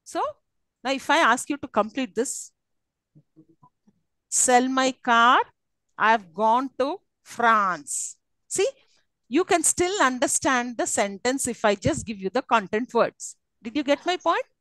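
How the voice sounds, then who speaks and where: High-voiced woman lecturing a class. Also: lively intonation, moderate pace, fairly bright tone, no echo, poor audio. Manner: teacherly, checks understanding often. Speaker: English lecturer.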